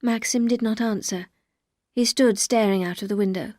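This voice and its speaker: A woman narrating a classic novel aloud in a calm, steady storytelling voice. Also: a little high, normal speed, no room sound, clean studio sound. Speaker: audiobook narrator.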